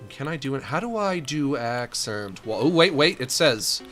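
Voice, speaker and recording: An excitable man talks his way through decorating a room in a game, swinging from low mutters to bursts of delight. His pitch moves a lot around a middle level. Faint music plays behind him. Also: normal speed. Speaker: streamer. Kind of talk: casual gameplay commentary.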